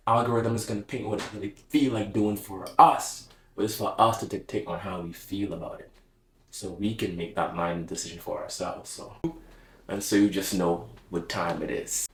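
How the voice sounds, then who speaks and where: A man's voice: on the low side, roomy sound, low-quality recording. A man speaking casually to camera in a reflective, heartfelt monologue, slangy and open. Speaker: vlogger.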